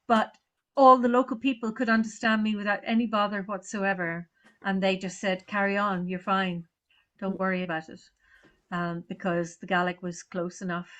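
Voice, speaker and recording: A woman speaking in a casual panel conversation, telling stories at a steady, reflective pace. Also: fairly high pitch.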